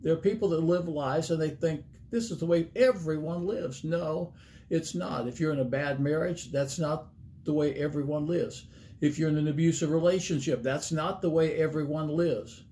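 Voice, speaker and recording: A man's voice: on the high side, steady tone, normal speed, warm tone, a little hiss or hum. A middle-aged man preaching a sermon as a pastor, earnest and plain-spoken, laying out numbered points and folksy stories.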